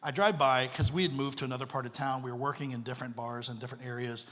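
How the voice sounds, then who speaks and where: A man telling a story from the pulpit as a visiting missionary pastor, animated and full of jokes. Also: mid-range voice, fast. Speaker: missionary pastor, guest speaker. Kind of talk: storytelling sermon. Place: church sanctuary. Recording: long reverb of a church hall.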